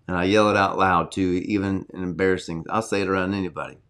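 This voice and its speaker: Low-voiced preacher, conversational and earnest. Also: male voice, fairly even intonation, brisk. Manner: earnest, conversational, bursts of loud emphasis. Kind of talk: informal sermon to an online audience. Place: home study.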